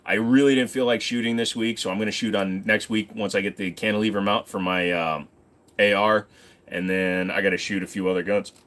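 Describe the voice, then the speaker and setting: A man's voice: fairly low pitch, fairly even intonation, brisk, fairly bright tone. A man casually chatting with viewers on a livestream, rambling and joking crudely. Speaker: livestream host.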